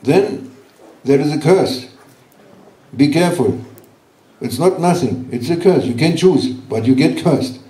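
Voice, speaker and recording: A man giving a sermon at a religious gathering, speaking gently and teasingly in broken English to reassure his listeners. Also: on the high side, lively intonation, measured pace. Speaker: sheikh giving a religious talk. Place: large hall at a gathering. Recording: roomy hall, voice from far off.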